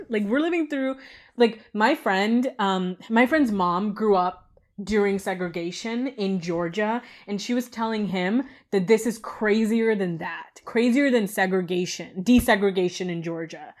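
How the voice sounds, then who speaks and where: A woman's voice: mid-range voice, normal speed. A woman co-hosting a podcast, talking casually with lots of fillers and a frustrated edge. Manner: rambling, frequent "like" fillers, frustrated. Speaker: podcast co-host.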